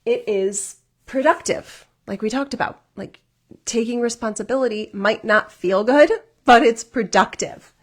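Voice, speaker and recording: An earnest woman coaching a workshop group, her voice a little husky and sitting on the higher side. She keeps checking in with her listeners and leans on casual fillers as she encourages them. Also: a little slow. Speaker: life coach.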